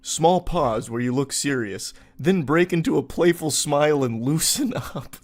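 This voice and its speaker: A man's voice: fairly high pitch, lively intonation, measured pace. Wry young man mocking forum posts. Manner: wry, incredulous, mocking asides. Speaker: commentator reading online posts. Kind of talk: casual commentary.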